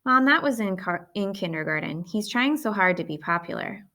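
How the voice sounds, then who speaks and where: A woman's voice: mid-range voice, expressive, normal speed, bright, forceful tone. A woman reading aloud, voicing a sulky, blunt ten-year-old boy who protests a lot. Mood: protesting.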